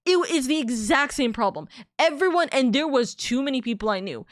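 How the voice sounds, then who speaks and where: A woman's voice: sits high, animated, fairly quick, no echo, studio quality. A woman streamer in a heated, casual rant, swearing freely and restarting her sentences.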